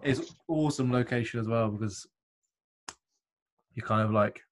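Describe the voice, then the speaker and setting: A man's voice: medium pitch, normal speed. A man, co-hosting a podcast in casual chat, telling rambling, sweary stories. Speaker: podcast co-host.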